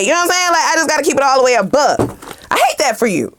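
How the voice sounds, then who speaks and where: A woman giving a casual tarot reading to her viewers in a heated, animated way, swearing freely and speaking straight to the camera with slang. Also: high-pitched, quick pace. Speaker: tarot reader.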